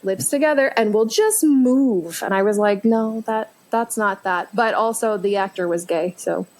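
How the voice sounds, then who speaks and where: A woman's voice: mid-range voice, unhurried, darkish tone. A woman co-hosting a podcast in casual chat, joking and telling stories with animation. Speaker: podcast co-host.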